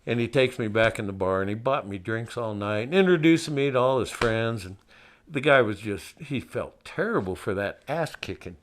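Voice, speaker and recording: A man's voice: medium pitch, animated, normal speed. An older man from Montana telling a personal story in a folksy, wry way, laughing at himself.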